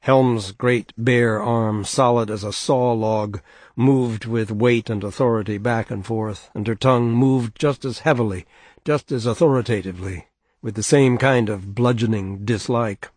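A man narrating an audiobook in measured, even storytelling. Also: medium pitch, dry recording. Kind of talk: scripted narration.

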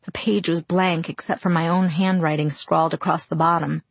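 Husky woman narrating an audiobook. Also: low-pitched, fairly even intonation, moderate pace, no room sound. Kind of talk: first-person novel narration.

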